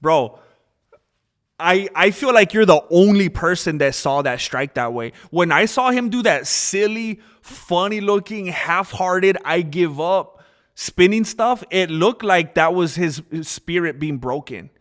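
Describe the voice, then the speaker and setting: Brief: a man ranting on a live stream, argumentative and animated, higher-pitched voice with a lot of swing. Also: a little slow. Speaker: streamer and fight commentator. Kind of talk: casual live-stream commentary.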